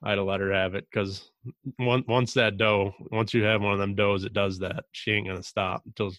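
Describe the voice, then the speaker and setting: A man hosting a podcast, telling hunting stories in a relaxed, drawn-out way with mild cursing. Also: fairly low pitch, no echo. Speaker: podcast host. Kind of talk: casual hunting chat.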